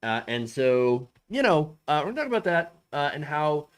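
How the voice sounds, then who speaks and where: A man hosting a casual political commentary show, goofy and self-mocking, halting often with fillers. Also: on the high side, big pitch swings, clean tone. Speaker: host.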